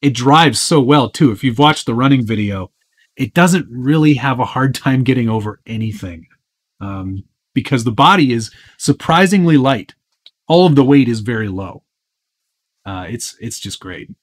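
A man hosting a live Q&A stream in a relaxed, chatty way. He answers viewer questions as they come in, with a lot of ums and uhs and easy asides. His voice sits in an ordinary middle pitch. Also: normal speed. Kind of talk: casual live-stream chat.

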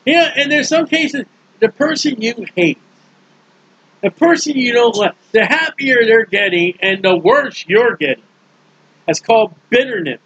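A man preaching in a casual Bible teaching style, folksy and joking, acting out characters in quick asides. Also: extremely high pitch, animated, fairly bright tone, slightly rough, no echo, muffled recording.

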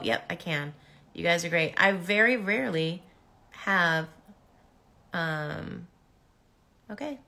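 A woman's voice: mid-range voice, gravelly, bright, forceful tone. Bubbly chatty woman signing autographs. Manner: chatty and bubbly, reading comments aloud, many ums. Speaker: voice actress signing autographs on a live stream. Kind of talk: casual live-stream chat while signing.

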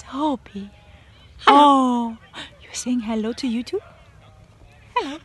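A woman's voice: on the high side, measured pace, long pauses, slightly rough. A woman vlogging outdoors in a park, chatting playfully with her pet parrot in baby talk and talking to her viewers.

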